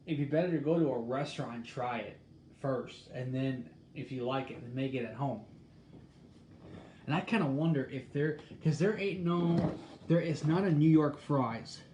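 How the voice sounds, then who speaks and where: A man in casual talk, reading a recipe aloud and musing in a halting way as he thinks out loud. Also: mid-range voice. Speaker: host. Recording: echoey room with faint background noise.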